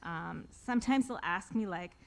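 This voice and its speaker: A woman's voice: lowish voice, expressive, moderate pace, vocal fry. A woman in her forties, an author telling a personal story live to an audience with wry, self-deprecating humor, often laughing at her own jokes.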